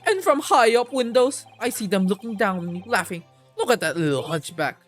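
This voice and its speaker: A woman voicing an excitable, theatrical Japanese man abroad in a game, speaking in gushing, alliterative outbursts. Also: medium pitch, fairly quick, soft background music, close to an everyday voice. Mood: brooding, grandiose. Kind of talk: reading a visual novel aloud.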